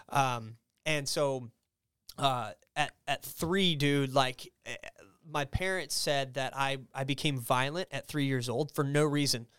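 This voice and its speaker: A man in his thirties telling a personal testimony as a podcast guest, casual and animated, often slipping into other people's voices as he retells what they said. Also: a little slow, clean tone, no echo, clean studio sound. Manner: animated, acts out quoted voices in a raised pitch; casual, filler-heavy with frequent restarts.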